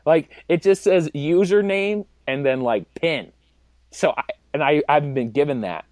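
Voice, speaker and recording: A man's voice: on the high side, normal speed, darkish tone, no room sound, studio quality. A young man from the US West Coast talking in a rambling, filler-heavy way and laughing often. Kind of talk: casual chat.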